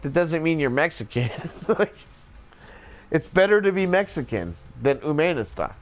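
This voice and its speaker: A man's voice: a little high, sing-song, moderate pace, faint music behind. A man in a rambling, joking casual monologue, swearing freely as he goes.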